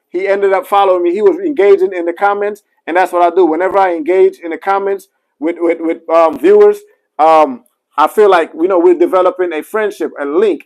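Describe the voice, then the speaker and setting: A man's voice: high-pitched, poor audio. A man, a barber, chatting casually on a live stream and talking straight to his viewers, with many apologetic asides and fillers. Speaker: barber reviewing clippers.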